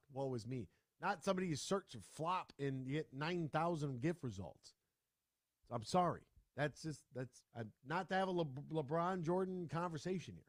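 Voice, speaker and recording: A man's voice: fairly high pitch, dry recording, clean studio sound. A man hosting a sports radio talk show, chatting casually and ranting with lots of restarts. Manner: animated, ranting, full of restarts.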